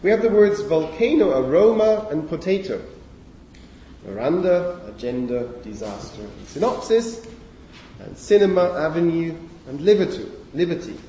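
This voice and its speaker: Guy lecturing on phonology, mellow voice, lots of uhs and restarts, far off in a big echoey hall. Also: fairly high pitch, expressive, slight background noise. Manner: halting, with frequent fillers and self-corrections.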